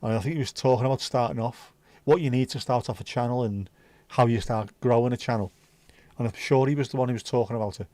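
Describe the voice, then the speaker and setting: Scouse fella rambling on his livestream, mellow voice, swears a bit, dry mic. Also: medium pitch, quick pace, no room sound. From Liverpool, England. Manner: chatty, rambling, swears freely. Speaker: livestream host. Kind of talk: casual livestream chat.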